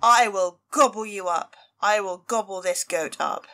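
A woman voicing a big, greedy, bad-tempered troll in a storybook reading, bellowing slowly and loudly. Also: mid-range voice. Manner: loud, slow, bellowing threats.

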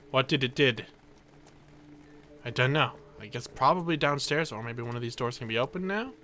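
Young male gameplay commentator, bright and higher-pitched, jumpy and theatrical. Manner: excitable, dramatic self-narration. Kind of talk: let's play commentary.

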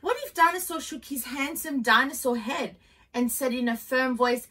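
A woman reading a children's picture book aloud, in a gentle, expressive storytelling manner. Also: sits high, moderate pace, husky, distant mic, poor audio.

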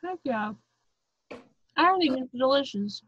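A woman's voice: high voice, expressive, slow pace, fairly bright tone, breathy edge, highs cut off. A woman hosting a podcast, chatting in a bubbly, rambling way with many ums as she wraps up the episode. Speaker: podcast host. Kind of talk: casual chat, sign-off.

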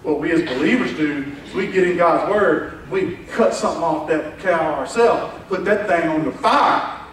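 A man preaching a sermon as pastor, animated, acting out quoted voices and dropping from loud to hushed. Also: a little high, normal speed, slight background noise. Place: church sanctuary. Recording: echoey church hall from far off.

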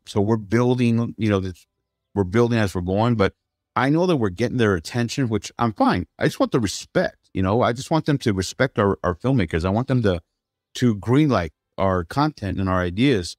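Middle-aged US man, interview guest; lowish voice, earnest and emphatic, dry close sound. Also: expressive, normal speed, darkish tone, no room sound. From United States. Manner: earnest, emphatic, with repeated restarts. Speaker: guest, streaming platform founder. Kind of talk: conversational interview.

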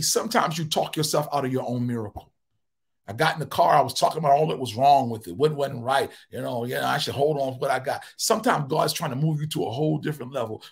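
An older man, a bishop, preaching a fervent sermon that moves from quiet storytelling to loud cries. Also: a little high, vocal fry. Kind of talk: livestreamed sermon.

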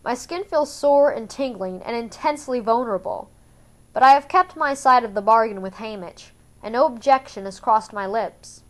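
Woman reading a novel aloud, slightly high. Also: moderate pace. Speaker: audiobook reader. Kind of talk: first-person novel narration.

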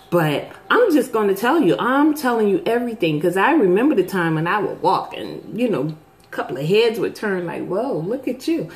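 A middle-aged woman hosting a vlog, chatting casually to her viewers and telling a story, jumping up in pitch to act out the voices she quotes. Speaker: vlog host.

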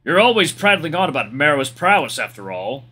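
A man's voice: on the high side, big pitch swings, fairly quick, bright, forceful tone, husky, heavily acted. A man voicing a teasing male companion with dry humor.

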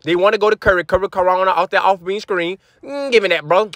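A young man giving loud, animated trash-talk commentary over his basketball video game to his chat, sometimes slipping into a sing-song. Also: sits high, quick pace, no echo. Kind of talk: hyped gameplay commentary.

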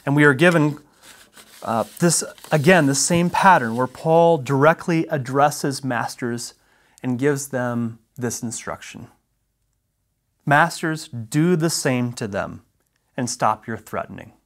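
Preacher, male, mid-range voice; measured, emphatic sermon delivery, slowing on key phrases. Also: medium pitch. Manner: emphatic, deliberate teaching with slowed key phrases. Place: church.

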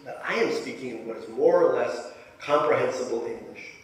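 A man's voice: mid-range voice, animated, normal speed, recorded from a distance. Man reading a memoir in an echoey hall. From Soviet Union. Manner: dry, self-deprecating humor. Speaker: author. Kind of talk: reading a memoir aloud to a live audience. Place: large lecture hall.

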